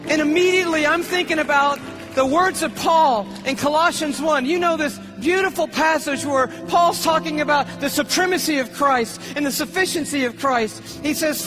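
A man preaching a sermon, telling a story in an excitable, animated way. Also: very high voice, moderate pace. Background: background music.

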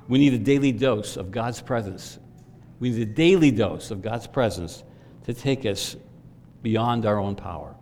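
A man's voice: medium pitch, darkish tone. A middle-aged man preaching a sermon as pastor, earnest, rising in emphasis when he puts questions to the congregation. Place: church sanctuary. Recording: long reverb from a church hall.

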